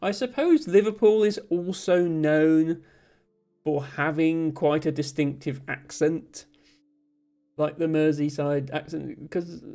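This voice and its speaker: A man chats casually on a live stream, reading out viewers' comments and mulling over each one. His voice sits slightly high, and his talk meanders with frequent ums and self-corrections. Soft music plays faintly beneath him. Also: slow pace. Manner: thoughtful, rambling, with many ums and restarts; reads out viewer comments and answers them.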